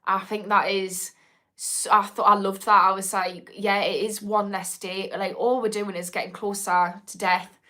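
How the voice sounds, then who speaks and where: A woman's voice: mid-range voice, little pitch movement, normal speed, sharp tone. Woman, live-stream therapist, candid, sweary, chatty, mid-range voice. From Newcastle, north of England. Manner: frank and casual, swears freely, trails off with ums. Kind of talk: live-stream Q&A, reading viewer comments.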